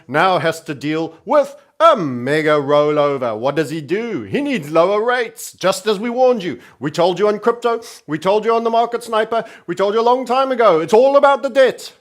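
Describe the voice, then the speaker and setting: A man hosting energetic market commentary, theatrical and cheery yet sardonic and doom-laden. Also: high-pitched. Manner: theatrical, energetic and cheery, self-styled entertainer.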